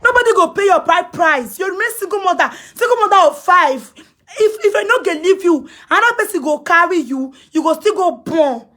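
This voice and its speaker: A Nigerian woman with a Pidgin English accent and a strikingly high, piercing voice holds forth on a phone live stream. She scolds and lectures, hammering the same phrases over and over, and her voice climbs into shouts. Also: expressive, fairly quick. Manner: scolding, repetitive, emphatic, breaks into shouts. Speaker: social media personality. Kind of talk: ranting live-stream commentary.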